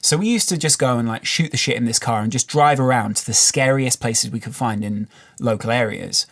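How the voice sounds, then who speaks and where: Man from the Midlands, co-host on a podcast, rambling storyteller, medium-pitched everyday voice. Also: a little fast, a bit bright. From English Midlands. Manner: rambling storyteller, swears casually. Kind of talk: casual podcast chat. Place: podcast studio.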